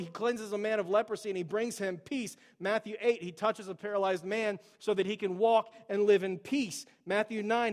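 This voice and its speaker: A man's voice: high-pitched, long reverb tail. A pastor delivering a conversational sermon to his church, peppering it with casual asides and acting out Bible quotes.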